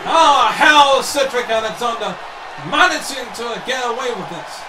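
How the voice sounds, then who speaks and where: A man giving excited play-by-play commentary over a wrestling video game, gasping and repeating "wait a minute" and "uh-oh". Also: very high-pitched, normal speed. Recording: echoey room, voice from far off. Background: loud game crowd and noise.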